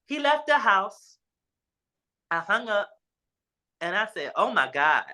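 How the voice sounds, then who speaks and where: A man's voice: high-pitched, very animated, bright, forceful tone. Emotional man telling a hard story. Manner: halting, emotional, repeats himself and breaks down at times. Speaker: guest sharing his testimony. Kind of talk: emotional personal testimony.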